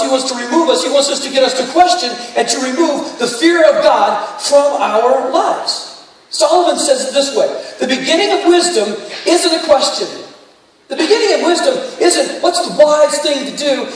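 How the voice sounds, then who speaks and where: High-voiced preacher in an echoey hall. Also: male voice. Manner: storytelling, rising to fervent exhortation. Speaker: pastor. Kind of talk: sermon. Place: large church sanctuary. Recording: distant echoey hall, faint room noise.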